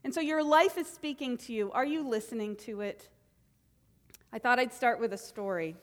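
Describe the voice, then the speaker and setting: A middle-aged woman minister giving a sermon, animated, acting out quotes with voice changes. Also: fairly high pitch, normal speed. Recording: long reverb of a hall.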